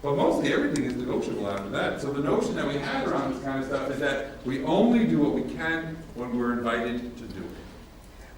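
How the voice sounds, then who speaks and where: A man presenting at a workshop, telling stories in a casual, animated way and acting out both sides of conversations. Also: medium pitch, brisk, a crowd in the background. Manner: casual, animated, acts out dialogue. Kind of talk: storytelling workshop talk. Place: large room with audience. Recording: echoey hall from a distance, faint ambience.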